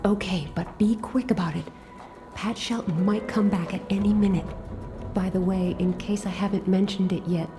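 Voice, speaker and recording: An actress voicing a sharp-tongued young woman held captive in a video game, speaking in a sarcastic, teasing way. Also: medium pitch, fairly even intonation, moderate pace, over music, lightly acted.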